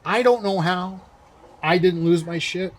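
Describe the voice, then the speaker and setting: A young man in casual conversation, telling a story with energy. His voice sits a bit high, and he acts out the lines of the people he quotes. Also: measured pace. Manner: animated storyteller acting out quotes. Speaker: co-host. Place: winery.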